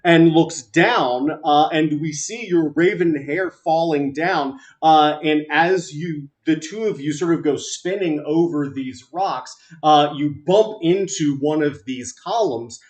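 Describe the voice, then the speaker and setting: A man narrating as game master of a tabletop game, halting and full of filler sounds. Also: on the high side.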